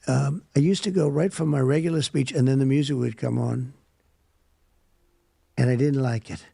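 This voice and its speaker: A man's voice: mid-range voice, fairly even intonation, normal speed, vocal fry, warm tone, breathy edge, dry recording. An older man giving rambling, repetitive interview answers on a podcast, often interrupting himself. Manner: meandering, repetitive, self-interrupting. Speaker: podcast guest.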